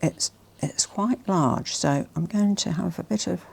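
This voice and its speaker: A woman vlogger presenting a haul in a casual, gushing and emotional way, often dropping to soft whispers. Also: on the low side, measured pace, vocal fry, slightly rough. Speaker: fashion vlogger.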